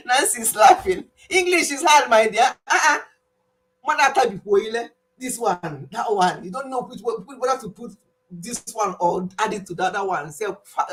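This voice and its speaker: A woman with a Nigerian accent, whose first language is Igbo, chats casually on her own health channel live stream. Her voice sits at a middling pitch. She tells stories animatedly, laughs often, and drops Igbo words into her English. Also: rough recording.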